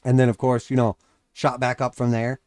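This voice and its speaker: A man's voice: medium pitch, flat delivery, brisk, a little mellow, no echo, clean studio sound. A man giving casual, blunt live market commentary as host, sarcastic, often acting out mocking voices.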